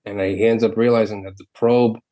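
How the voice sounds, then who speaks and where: A man, a guest artist who retells stories in an animated, profane way and acts out the quotes. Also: lowish voice, fairly quick, low-quality recording. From New York City. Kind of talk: animated storytelling chat.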